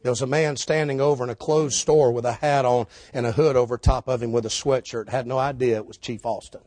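A middle-aged man preaching a storytelling sermon, swinging between shouted preaching and low, hushed retelling. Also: steady tone, a little fast, dry recording. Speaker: street preacher.

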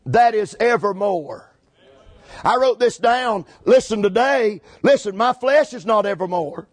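A man preaching a fiery sermon, rhythmic and repetitive, building up to shouts. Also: high voice, animated, measured pace, no echo. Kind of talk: fiery Pentecostal-style sermon.

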